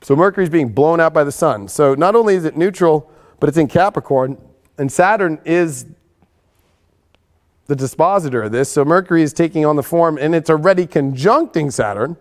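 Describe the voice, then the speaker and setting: A man hosting a weekly astrology forecast in a casual, excitable and profane way, swinging between hyped outbursts and hushed earnest stretches. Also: a little high, normal speed. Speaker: astrology show host.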